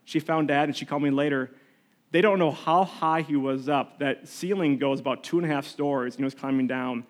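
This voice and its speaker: A man with a high, light voice leads a prayer and then preaches to his congregation. He talks loosely and conversationally, often restarting his sentences as he tells stories. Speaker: pastor. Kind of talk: sermon with prayer. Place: church sanctuary.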